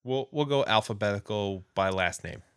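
A man running a relaxed podcast segment, playfully keeping the others in line. His voice sits a little low and is recorded close and dry. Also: moderate pace, smooth, no echo. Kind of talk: casual chat.

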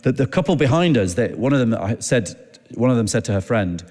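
Preacher telling a story in a reverberant hall. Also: male voice, medium pitch, lively intonation, mellow. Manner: chatty, halting, acts out dialogue. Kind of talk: anecdotal sermon storytelling.

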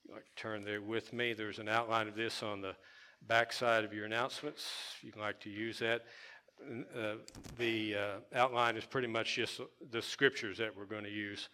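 A man's voice: lowish voice, little pitch movement, normal speed, bright, forceful tone, clear, resonant tone. A man pastor preaching a conversational sermon, with fillers and repeated words for emphasis.

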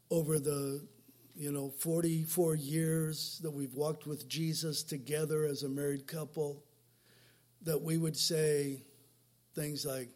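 A man's voice: fairly high pitch, darkish tone. A man in his sixties preaching a sermon in a church, speaking conversationally and putting rhetorical questions to the congregation. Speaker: pastor. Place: church sanctuary.

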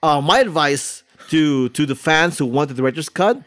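A man's voice: fairly high pitch, lively intonation, normal speed, fairly bright tone. A man hosting a podcast in casual chat, rambling with lots of fillers. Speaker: podcast host.

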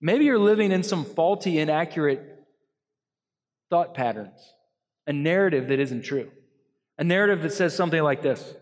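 A man's voice: fairly high pitch, lively intonation, moderate pace, long pauses. Earnest male pastor preaching in a reverberant hall. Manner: earnest, shifting between loud emphasis and soft hushed lines. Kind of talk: sermon. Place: church hall.

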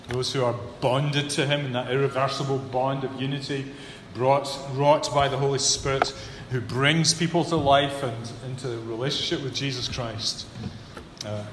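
A man preaching a sermon, building to emphatic peaks and then dropping low and earnest. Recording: echoey hall with long reverb, faint room hum.

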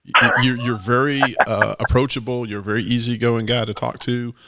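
A man hosting a conversational interview, asking relaxed but probing questions and openly pushing back on his guest. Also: medium pitch, brisk, no echo.

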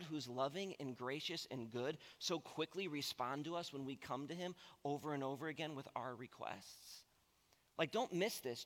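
A man in his thirties preaching a sermon with a high, bright, forceful voice. He tells stories animatedly and acts out the voices of the people in them. His words ring out with a long reverb through a large church hall. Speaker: pastor.

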